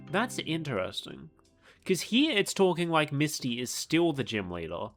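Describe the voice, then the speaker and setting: A man's voice: on the high side, sing-song, normal speed, fairly bright tone. A man streaming a video game, chatting casually and reading the on-screen text aloud as he plays. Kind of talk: casual gameplay commentary. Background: game music.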